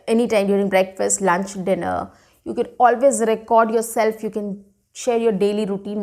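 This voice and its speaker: An English teacher with a fairly high voice gives a speaking lesson directly to camera, smiling and talking expressively. She demonstrates intonation using example sentences and keeps checking in with fillers like "okay" and "you know."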